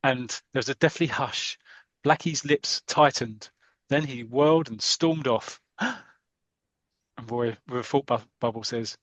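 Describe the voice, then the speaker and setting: Podcast host, chatty comic recap, mid-pitched, dry close sound. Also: male voice, a little slow, no room sound. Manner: chatty, animated storytelling. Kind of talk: retelling a comic strip on a podcast.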